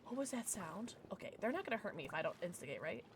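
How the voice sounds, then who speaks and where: Excitable young woman gaming streamer. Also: fairly low pitch, fast, background noise. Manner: chatty and excitable, squealing baby talk to pets. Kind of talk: casual gameplay livestream chat.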